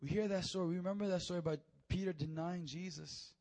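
Preacher guy, high voice, gets super animated, stumbles and repeats words telling stories. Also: fast talker. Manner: animated storytelling with stammered repeats. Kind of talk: sermon.

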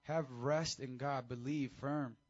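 Serving as a youth pastor, a man gives teenagers a casual, high-energy sermon with call-and-response. He speaks slowly with fairly even intonation, and the audio sounds dull.

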